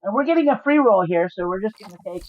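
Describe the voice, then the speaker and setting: A woman's voice: medium pitch, expressive, fast talker, no echo. A woman streaming poker online, explaining her hands in a joking and profane way. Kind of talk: livestream commentary. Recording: dry, slightly dull lo-fi audio.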